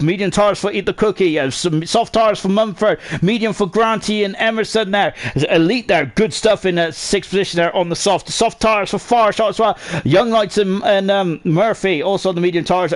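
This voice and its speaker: High-voiced race commentator, chatty. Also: male voice. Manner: chatty, ends lines with tag questions, many fillers. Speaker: sim racing commentator.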